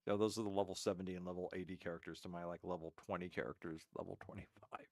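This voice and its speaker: A low-voiced man with a gravelly edge rambles through a casual reaction to a game stream. He trips over his words, circles back and keeps going. The sound is dry and close. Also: a little mellow, no echo. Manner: rambling, halting storyteller with many restarts.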